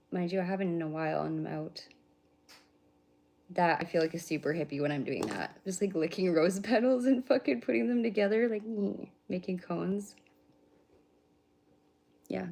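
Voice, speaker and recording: Woman, 30s, low voice, rambling blunt streamer who swears freely. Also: gravelly, mellow, a little hiss or hum. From British Columbia, Canada. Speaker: livestreamer. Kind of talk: casual live-stream chat.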